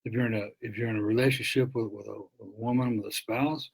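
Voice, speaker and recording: An earnest man gives a reflective talk, his low voice gravelly and a little husky. He often restarts and repeats his words as he speaks. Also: fairly even intonation, fast talker, poor audio. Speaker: author and abuse-recovery speaker.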